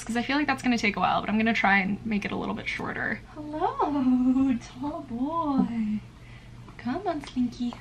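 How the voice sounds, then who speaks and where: Chatty woman, high voice. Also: fairly bright tone, slight background noise. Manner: chatty, filler-heavy, lots of "like". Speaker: book vlogger. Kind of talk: casual vlog chat. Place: at home.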